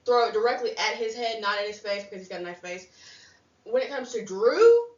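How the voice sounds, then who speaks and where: A woman's voice: on the high side, lively intonation, fairly quick, a little mellow. A woman co-hosting a wrestling podcast, outspoken and sassy in casual chat. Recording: roomy, distant, dull mic.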